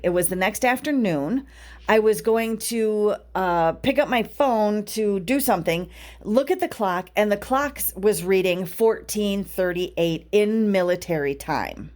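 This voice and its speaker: A woman's voice: mid-range voice, darkish tone. A woman hosting a spiritual podcast, telling a personal story in a chatty way and often adding tag questions. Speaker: podcast host. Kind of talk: casual spiritual podcast monologue.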